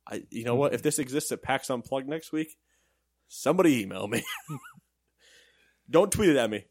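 A man's voice: medium pitch, normal speed, husky, no echo. A young man co-hosting a casual gaming news podcast, joking and laughing often as he reads stories. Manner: jokey, animated, laughs often. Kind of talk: casual chat.

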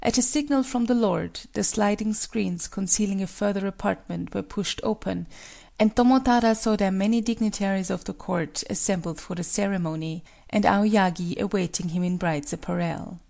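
Woman storyteller, scripted narration, strong vocal fry, measured, solemn. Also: mid-range voice, a little mellow. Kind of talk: scripted narration of a folk tale.

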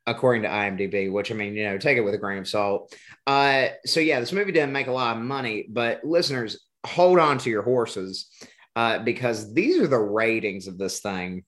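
A man's voice: fairly low pitch, moderate pace, fairly bright tone. Rambling joking male podcast host. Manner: rambling, joking, stumbles over words. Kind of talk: casual chat.

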